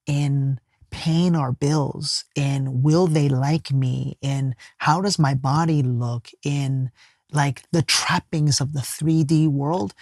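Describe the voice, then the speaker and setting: A man, a life coach appearing as a podcast guest, telling a personal story in an earnest, emphatic way and sometimes dropping to a soft hush. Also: a little high, creaky, dry recording, studio quality. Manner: casual speech with many fillers and restarts.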